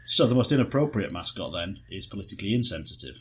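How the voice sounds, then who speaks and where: A man co-hosting a podcast, chatting in a lively, enthusiastic way and telling anecdotes. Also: deep voice, fast, breathy edge. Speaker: podcast co-host. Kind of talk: casual chat.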